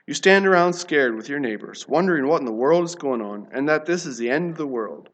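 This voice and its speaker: A man with a fairly high voice tells a sermon illustration with dramatic pacing. He swings between urgent passages and sudden hushed, slowed lines. The delivery stays intense and vivid throughout. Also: expressive. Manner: dramatic, sudden drops to a hush, slows for emphasis. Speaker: preacher.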